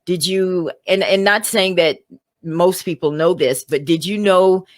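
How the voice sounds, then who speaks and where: A woman's voice: fairly low pitch, measured pace, no room sound, studio quality. A woman hosting a talk show, giving short affirmations and asking direct questions. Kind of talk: interview questions.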